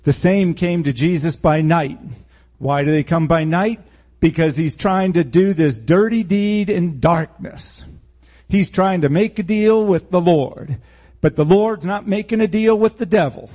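A man's voice: high-pitched, unhurried, mellow. A man preaching a verse-by-verse Bible teaching sermon in a blunt, emphatic way, with sarcastic asides.

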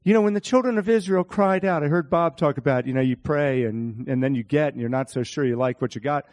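A man preaching a sermon, animated, speaking to his congregation by name and acting out Bible scenes in different voices. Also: a little high, fairly quick.

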